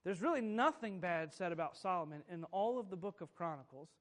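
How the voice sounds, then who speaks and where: Male pastor, high-pitched voice, emphatic sermon delivery with rhetorical questions. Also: lively intonation, a little fast.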